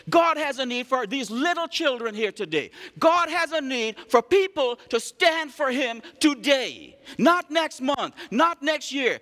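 A male preacher giving an animated sermon, calling on the congregation to respond and acting out stories. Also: extremely high pitch. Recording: long hall reverb.

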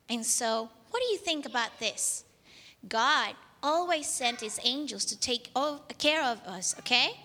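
A woman with a high, bright, very lively voice tells a story to children in an animated, engaging way, often turning to ask them questions. She is recorded in a church hall with a long echo. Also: unhurried.

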